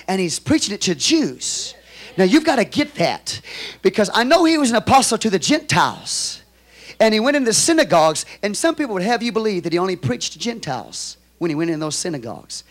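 A man with a Texan accent preaching a sermon as pastor, moving from quiet storytelling to loud, shouted exhortation. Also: fairly high pitch.

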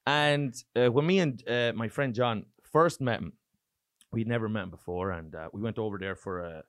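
An Irish man, a comedian, chatting casually and telling profane, animated stories. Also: on the low side, normal speed, no echo, clean studio sound. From Ireland. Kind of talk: casual podcast chat.

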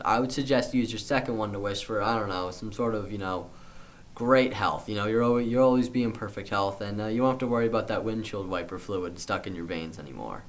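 A man's voice: on the low side, close to an everyday voice. A man telling of a laid-back talking cobra. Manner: offhand, rambling with fillers.

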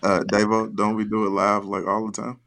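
A man with a very deep voice trading playful banter on a podcast panel. He pokes holes in the host's jokes. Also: little pitch movement, normal speed, fairly bright tone, dry recording. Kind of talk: casual chat.

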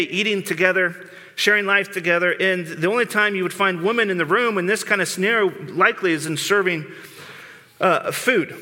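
With a high, tense and bright voice, a man preaches a conversational sermon as a pastor. He is earnest but informal, occasionally tripping over and repeating words. A long reverb suggests a large church sanctuary.

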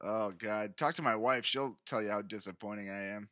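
A man's voice: lowish voice, normal speed, pushed and bright. An American man in his thirties co-hosting a podcast, chatting casually with a teasing, dry sense of humor. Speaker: podcast co-host. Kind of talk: casual chat.

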